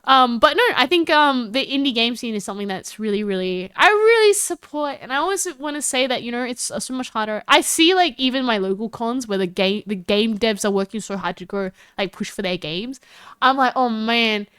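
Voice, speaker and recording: A woman's voice: expressive, a little fast, a bit bright, clear, resonant tone, dry recording, clean studio sound. A woman with an Australian accent, rambling and giggling through casual chat with her live stream audience. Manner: rambling and giggly, with big jumps in pitch.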